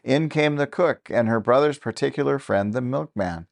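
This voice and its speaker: A man narrating a classic novel as an audiobook, with steady, even-paced storytelling. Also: medium pitch, moderate pace, gravelly.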